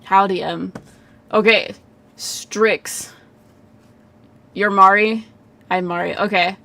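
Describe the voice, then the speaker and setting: A woman's voice: mid-range voice, steady tone, slow, gravelly, bright, forceful tone. A woman giving live psychic readings in a casual livestream chat, full of "like" fillers, frequent laughs and casual swearing.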